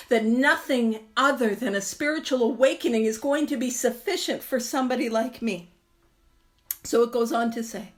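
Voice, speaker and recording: A woman in her thirties hosting a recovery book study, talking casually, laughing often and poking fun at herself. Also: high-pitched. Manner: chatty, self-mocking, laughs often. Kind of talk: casual teaching talk.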